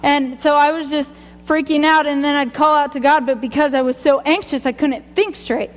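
A woman's voice: high voice, fairly even intonation, normal speed, in a large hall. A woman sharing a personal faith testimony, rambling and chatty, often laughing at herself. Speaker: speaker giving a testimony.

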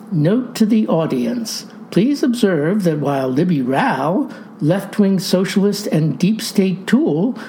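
A woman's voice: fairly low pitch, dark tone, a little hiss or hum, rough recording. A woman reading a satirical comedy script, with a theatrical, mock-grand delivery. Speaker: narrator.

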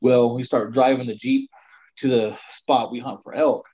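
A man's voice: medium pitch, fairly even intonation, moderate pace, warm tone, breathy edge. A middle-aged man telling a long personal story in casual conversation, rambling with many fillers. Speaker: guest storyteller. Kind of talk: casual spoken hunting story. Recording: slightly dull lo-fi sound.

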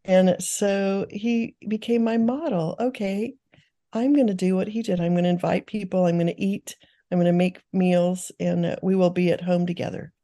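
A woman's voice: medium pitch, steady tone, normal speed, mellow. An older woman, a guest author, giving earnest, teaching answers in an interview, with frequent restarts.

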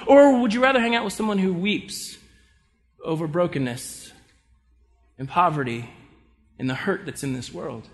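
A man with a high, bright, forceful voice preaches a sermon. He tells stories with lively energy and swings between loud bursts and quiet, soft lines. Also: normal speed, long pauses. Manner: storytelling, animated, shifts between loud and soft delivery. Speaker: pastor.

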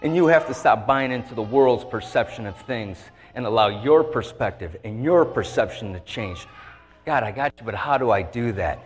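A man's voice: mid-range voice, lively intonation, moderate pace, in a large hall. A man preaching an emotional sermon, telling his story with feeling and acting out a conversation with God. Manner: heartfelt, voice shifting to act out a dialogue with God.

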